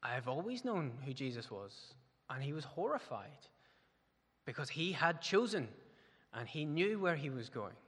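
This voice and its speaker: A man's voice: on the high side, sing-song, a little slow, a bit bright, breathy edge. A man preaching an earnest sermon in a church, rising to emphatic peaks. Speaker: pastor. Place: church hall. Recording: long hall reverb.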